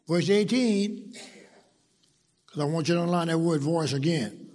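A man's voice: a little high, moderate pace, pauses often, darkish tone. A man, preaching a sermon and reading scripture aloud, building to emphatic call-and-response. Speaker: pastor. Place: church sanctuary. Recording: long reverb of a large church.

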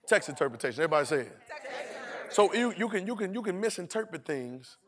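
Male preacher, AAVE, high voice, playful call-and-response, acts out lines. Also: very animated, fast, fairly bright tone. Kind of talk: sermon.

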